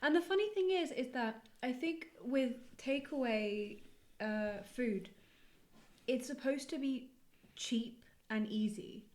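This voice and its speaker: A woman's voice: fairly high pitch, slow, a little mellow. A woman co-hosting a casual podcast chat, emphatic and repeating her point. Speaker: podcast co-host.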